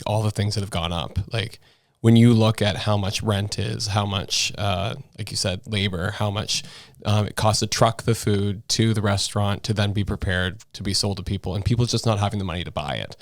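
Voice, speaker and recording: Chatty low-voiced male podcast co-host. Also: fairly even intonation, normal speed, dry recording, clean studio sound. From New Brunswick, Canada. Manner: chatty, rambling, laughs often. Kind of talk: casual political chat.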